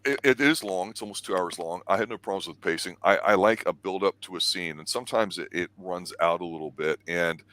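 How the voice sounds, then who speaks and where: A man's voice: low-pitched, brisk, few pauses, a bit bright. A man co-hosting a casual movie review chat, rambling with frequent restarts. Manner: rambling, many restarts, acts out quotes. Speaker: movie review show co-host.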